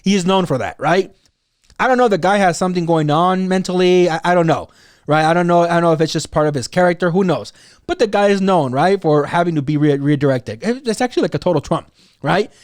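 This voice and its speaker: A man's voice: high-pitched, quick pace, no echo, studio quality. A man hosting his own podcast, talking through his opinions in casual solo commentary, rambling, with many "you know"s and "right?"s. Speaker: podcast host.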